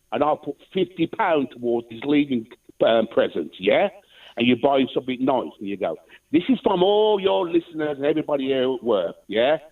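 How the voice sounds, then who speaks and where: A man calling in to a radio show, chatting cheekily and rambling, swearing now and then. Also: mid-range voice. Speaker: caller. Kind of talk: casual phone-in chat. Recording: muffled distant phone line.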